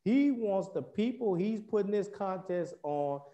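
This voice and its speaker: A man's voice: high voice, expressive, measured pace, warm tone, highs cut off. A man preaching a sermon, reading scripture and explaining it in a conversational, folksy way. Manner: conversational, folksy asides, restarts while explaining.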